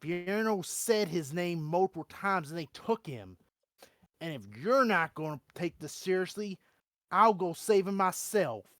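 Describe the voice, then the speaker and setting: A man's voice: high voice, unhurried, a bit bright, dry recording, studio quality. A man voicing an angry male cleric who is grim and fed up, speaking fiercely in a tabletop game. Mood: grim warning. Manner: fierce, bitter.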